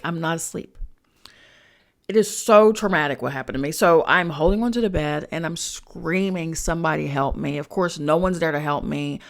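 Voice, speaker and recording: A low-pitched woman's voice, fairly bright with vocal fry, tells a personal story on her podcast. The host, also a spiritual coach, keeps it chatty and slangy, swearing and addressing listeners directly.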